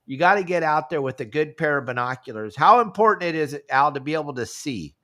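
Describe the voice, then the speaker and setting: A man hosts a casual fishing talk show, his voice sitting a little high for a man. He talks in an animated, chatty way and jumps his voice up when he acts out conversations with callers. He sounds like he is on a video call. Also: fast. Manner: animated, acts out phone calls in raised voice. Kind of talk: casual podcast chat.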